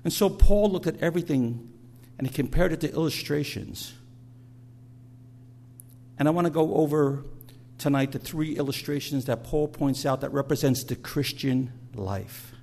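A man's voice: a little high, moderate pace, creaky, dark tone. A middle-aged man preaching a sermon, telling stories in a conversational way and often repeating words as he goes. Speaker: pastor.

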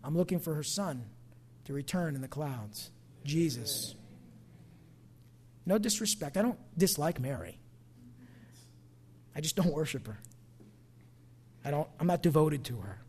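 A middle-aged pastor from New Jersey preaching a sermon in a conversational way, dropping to soft asides and rising to loud emphatic bursts. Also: male voice, fairly high pitch, sing-song, normal speed, long pauses.

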